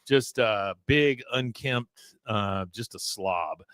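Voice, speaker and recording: A man's voice: lowish voice, takes it slowly, a bit bright, smooth, no echo, clean studio sound. A man co-hosting a podcast, chatting through an episode recap with a laugh. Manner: chatty, laughing, acts out quotes. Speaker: podcast co-host. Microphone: podcast mic.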